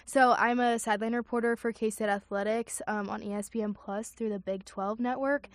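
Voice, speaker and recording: A woman's voice: fairly high pitch, fairly even intonation, normal speed, no room sound. A young woman, a college student, co-hosting a campus radio show in an eager, upbeat way, with frequent ums. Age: young adult. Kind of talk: casual radio chat.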